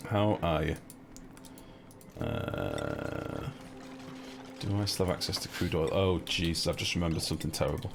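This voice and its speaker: A man's voice: low voice, unhurried, gravelly, long pauses, a little hiss or hum. A man streaming a building game live, chatting casually, joking and answering his viewers' messages as he plays. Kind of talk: casual live gameplay commentary. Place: home streaming setup. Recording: game music underneath.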